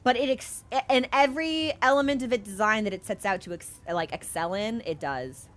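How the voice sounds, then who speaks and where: A fairly high-voiced woman chats her way through a game stream, rambling and laughing easily. She talks straight into her headset mic. A little game music plays faintly behind her. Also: normal speed, a bit bright. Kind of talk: casual live-stream chat while gaming. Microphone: headphones with a wired mic.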